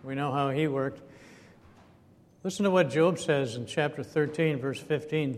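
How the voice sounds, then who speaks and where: A man giving a conversational sermon, chatty and chuckling, often asking his listeners questions. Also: measured pace. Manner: chatty, asks the audience questions, chuckles now and then. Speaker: preacher. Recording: echoey hall with faint rumble.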